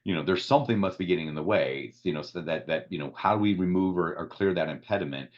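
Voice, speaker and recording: Man, podcast host, very deep voice, reflective, conversational, lots of fillers, slightly dull sound. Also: quick pace. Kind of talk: podcast interview.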